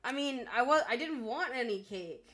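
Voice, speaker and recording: A woman's voice: fairly high pitch, animated, moderate pace, a bit bright, soft background music. A woman streamer in casual chat on a call, exasperated and stammering.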